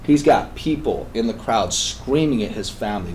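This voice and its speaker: A man of middle pitch sits in a radio studio as a guest, telling a story with a lot of energy. He pushes hard on some phrases, then drops low and quiet as he presses a point. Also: moderate pace, a little hiss or hum, poor audio. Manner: animated, swings between loud emphatic bursts and hushed intense passages. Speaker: guest on a talk show.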